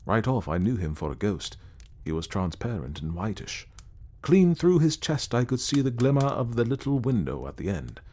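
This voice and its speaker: A man voicing an earnest, reflective gentleman who sincerely recounts meeting a ghost, in an audiobook reading. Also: on the low side, big pitch swings, moderate pace. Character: earnest gentleman telling his ghost encounter. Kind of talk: audiobook character voice.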